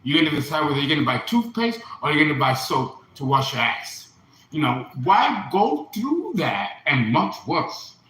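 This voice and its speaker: A man's voice: on the high side, big pitch swings, moderate pace, sharp tone, reverberant, slight background noise, low-quality recording. A man in his fifties speaking in an earnest, impassioned personal monologue, often repeating himself. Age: 50s. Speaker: astrologer and occult teacher.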